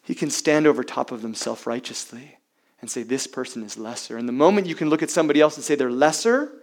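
Male pastor, sermon, emphatic, rhetorical questions, loud-to-hushed swings. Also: on the high side, quick pace. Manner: uses rhetorical questions to the congregation.

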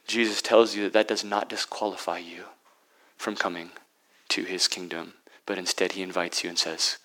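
A man's voice: sits low, steady tone, normal speed, low-quality recording. Emphatic male pastor preaching. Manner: emphatic, swinging from loud peaks to hushed near-whispers. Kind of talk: sermon.

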